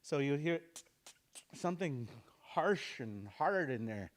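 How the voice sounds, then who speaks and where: A man's voice: fairly high pitch, animated. A man teaching a language class, explaining pronunciation patiently and repeating sounds aloud for students to copy. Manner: explains slowly, repeats sounds aloud for practice, chuckles often.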